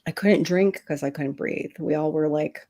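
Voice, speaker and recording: A middle-aged woman from Florida hosting a casual chat, telling animated stories and laughing often. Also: low-pitched, normal speed. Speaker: livestream host.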